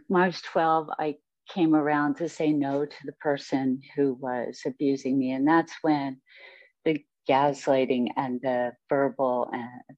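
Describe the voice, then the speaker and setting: A woman's voice: extremely low pitch, darkish tone, dry recording. A woman guest speaking in an interview, telling her life story in a reflective, rambling way with many fillers. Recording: dull, dry sound.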